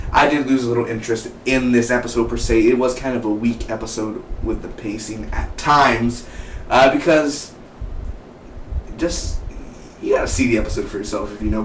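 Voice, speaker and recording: A young man talks through an episode review in a loose, rambling way, restarting his sentences often. He sits well back from the microphone in an echoey room, with a faint hiss underneath. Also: mid-range voice. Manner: rambling, chatty, many restarts. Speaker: TV show reviewer. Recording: roomy, distant mic, faint hiss.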